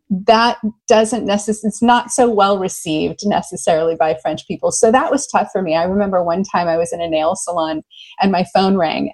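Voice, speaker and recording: Enthusiastic American woman telling stories. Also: mid-range voice. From United States. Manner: enthusiastic, animated, laughs easily. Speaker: love coach guest. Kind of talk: conversational interview storytelling.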